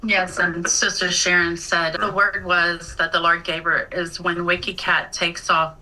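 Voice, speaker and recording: A woman with a low-set yet bright voice speaks earnestly and rambles a little. She sounds distant from the microphone. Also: flat delivery, unhurried. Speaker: caller on a live show.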